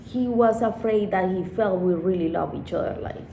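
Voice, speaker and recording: A woman's voice: medium pitch, moderate pace, dark tone. A woman vlogger telling a personal story in a rambling, emotional way with frequent swearing. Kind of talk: casual storytime monologue. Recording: echoey room with faint background noise.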